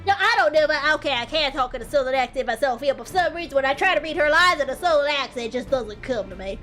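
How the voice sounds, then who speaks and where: A woman's voice: high-pitched, expressive, quick pace, few pauses, a bit bright, faint music behind. A woman streamer chatting casually, chatty and self-mocking. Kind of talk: casual gaming stream chat.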